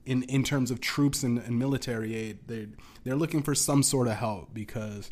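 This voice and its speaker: A man's voice: mid-range voice, moderate pace, a little mellow. A young man hosting a solo podcast, ranting casually with lots of swearing, restarts and laughing asides. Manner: profane, rambling, laughing asides.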